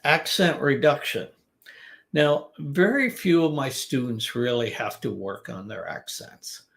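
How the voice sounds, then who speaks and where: A man teaching business English in a relaxed live-stream lesson, giving advice in a conversational way. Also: medium pitch, a little slow, vocal fry.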